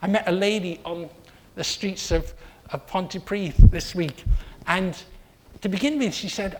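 A preacher giving an earnest sermon, telling a story with steady repetition. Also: mid-range voice, measured pace, slight background noise.

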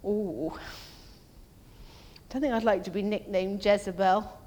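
Speaking slowly in a steady, darkish tone, a woman preaches a conversational sermon in a church whose hall gives a long reverb. She asks her congregation questions and acts out quoted voices by raising her pitch.

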